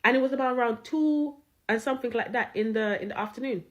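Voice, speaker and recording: A woman with a high voice tells a story in slangy street talk. She swears freely and gets animated as she goes. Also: quick pace, dull audio. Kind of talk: casual storytelling to camera.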